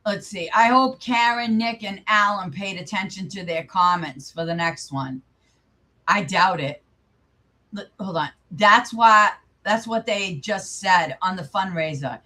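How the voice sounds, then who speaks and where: A woman's voice: mid-range voice, a little slow, bright, forceful tone. A young woman hosting her channel, casually commenting live in an angry, profane, rambling way. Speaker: channel host.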